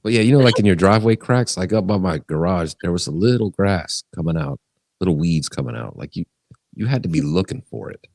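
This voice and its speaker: Very deep gravelly man. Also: animated, a little fast, a little mellow, no room sound. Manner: laid-back, swears casually. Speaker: live stream co-host. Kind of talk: casual chat.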